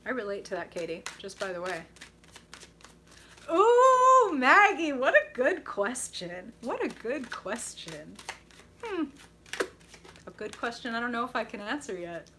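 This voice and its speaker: A woman's voice: mid-range voice, moderate pace, noisy background. A young woman hosting a live tarot reading stream, gushing and enthusiastic as she reacts to viewers. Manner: bubbly, gushing, reacts to chat with excited squeals.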